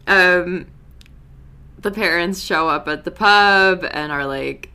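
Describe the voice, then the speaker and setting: Chatty low-voiced woman recapping an episode. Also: clear, resonant tone. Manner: chatty, expressive, quick asides. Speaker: show recap host.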